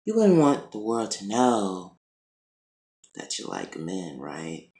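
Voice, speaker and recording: A man acting out a scheming woman making quiet, menacing threats. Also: wildly swooping pitch, slow, exaggerated voice. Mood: threatening. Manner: hushed, menacing, drops to a low murmur. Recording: roomy echo.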